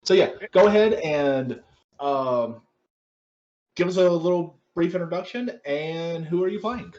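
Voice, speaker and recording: A man hosting as game master, easygoing and quick to laugh as he leads the group. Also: on the high side, lively intonation, darkish tone, dull audio. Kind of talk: casual tabletop game hosting.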